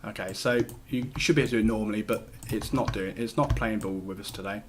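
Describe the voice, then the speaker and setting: A man's voice: fairly low pitch, steady tone, quick pace, noisy background. A man hosting a casual screen-share tutorial, talking loosely with lots of fillers and restarts as he works. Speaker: host.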